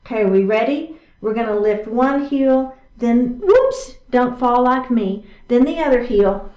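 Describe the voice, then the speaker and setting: A woman's voice: on the high side, animated, measured pace, dark tone. A woman instructor leading a chair yoga class, encouraging and cueing each move with short repeated prompts. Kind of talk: guiding an exercise class. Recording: echoey room, mic at a distance.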